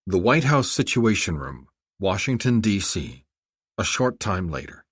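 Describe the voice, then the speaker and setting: A man narrating a thriller audiobook in a dramatic, measured way. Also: sits low, big pitch swings, a bit bright, husky, no room sound, clean studio sound. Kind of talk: scripted narration.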